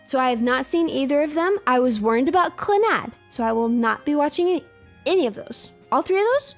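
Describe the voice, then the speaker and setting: Animated high-voiced young woman streamer. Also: a little fast, soft background music. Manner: animated, emphatic storytelling with repetition. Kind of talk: casual chat to stream viewers.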